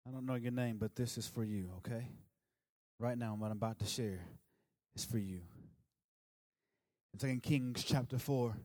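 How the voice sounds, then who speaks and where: A man preaching a sermon with emphasis, swinging from loud declarations to soft, low asides and calling on the congregation to answer aloud. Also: fairly even intonation, normal speed. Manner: urges the congregation to respond aloud.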